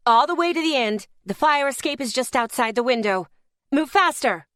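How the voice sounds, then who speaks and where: A woman narrator voicing a stern woman who shouts clear orders. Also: high voice, animated, moderate pace, no echo, studio quality, voice pushed up.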